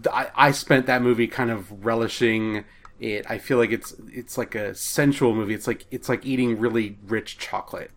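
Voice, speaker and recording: A man with a Midwestern accent co-hosting a film podcast, thoughtful, often pausing to find his words. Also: mid-range voice, steady tone. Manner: thoughtful, hesitant restarts. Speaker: podcast co-host. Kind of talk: casual podcast chat.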